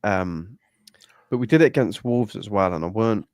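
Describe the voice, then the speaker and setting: A man's voice: lowish voice, normal speed, a little mellow, no echo, clean studio sound. A man chatting casually about football, swearing freely and restarting his sentences. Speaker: podcast co-host.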